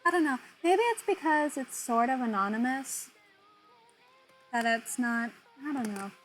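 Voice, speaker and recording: A woman's voice: high voice, a little slow, faint music behind, rough recording. A young woman streamer chatting casually with viewers, self-deprecating and laughing often. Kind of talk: casual chat with viewers while drawing.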